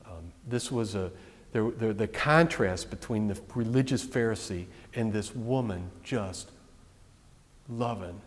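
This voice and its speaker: A man's voice: on the low side, unhurried. A man preaching a sermon in a conversational way, full of restarts, asides and questions to the congregation. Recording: long reverb of a large hall.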